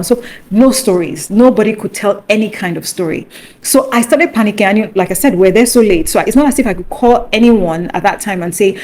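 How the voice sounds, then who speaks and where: A middle-aged woman tells a personal testimony in an animated way. She acts out the voices of the people in her story and slips into bursts of praise. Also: mid-range voice. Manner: excitable storytelling, acts out quotes, breaks into praise. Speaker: guest sharing a testimony.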